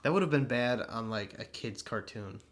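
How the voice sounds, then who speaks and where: A man's voice: mid-range voice, expressive, moderate pace, fairly bright tone. A young man co-hosting a podcast in casual chat, rambling, laughing often and swearing freely. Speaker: podcast co-host.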